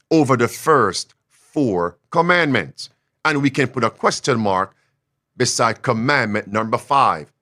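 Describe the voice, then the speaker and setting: Emphatic preacher man, lively pitch. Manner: emphatic, repeats phrases for stress; swings between loud declarations and quiet asides. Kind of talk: sermon.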